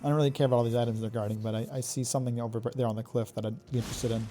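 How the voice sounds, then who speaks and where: A man streaming a video game live, reacting excitably, swearing and taunting the enemies he fights. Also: mid-range voice, rapid-fire, slight background noise. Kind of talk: live gameplay commentary.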